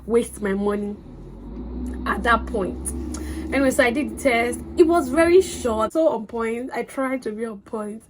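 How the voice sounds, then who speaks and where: A young woman telling a story to her vlog in an excitable, chatty way. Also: fairly high pitch, normal speed, noisy background. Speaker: vlogger.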